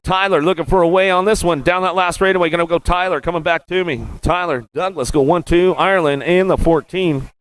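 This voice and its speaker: A man calling BMX races live as track announcer, rattling off rider names in a rapid, rhythmic play-by-play and repeating stock phrases. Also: high voice, fairly bright tone, clean tone. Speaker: race announcer. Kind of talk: live race commentary.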